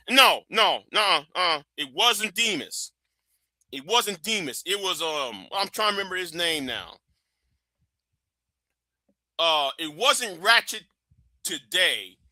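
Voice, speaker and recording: A man hosting a live stream, ranting in a heated, profane way that keeps rising into shouts. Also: high-pitched, very animated, a little slow, pauses often, dry recording, studio quality. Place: warm indoor room with a fan.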